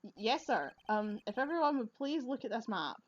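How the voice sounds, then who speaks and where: A woman's voice: on the high side, sing-song, moderate pace, lo-fi sound. A woman reading the lines of a bumbling male police detective in a video game, stammering and deferential. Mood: nervous. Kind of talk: reading game dialogue aloud.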